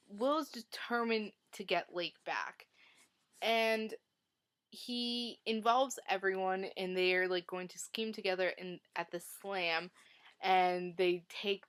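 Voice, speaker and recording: A woman vlogging about a novel, talking at an unhurried, drawn-out pace. She fills her sentences with "like" and retells the story with strong emotion. Her voice sits at an ordinary middle pitch. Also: fairly bright tone, clear, resonant tone. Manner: chatty, heavy use of "like", emotional retelling. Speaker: book reviewer. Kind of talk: casual book review vlog.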